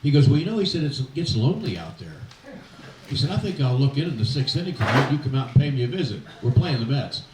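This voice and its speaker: A man's voice: mid-range voice, heavy background noise. An older man, a retired coach, telling folksy anecdotes at an event, with many fillers and acted-out quotes. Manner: folksy anecdotes, quoting others in animated voices, halting fillers. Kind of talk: after-dinner storytelling speech. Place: event hall. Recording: echoey hall, mic heard from a distance.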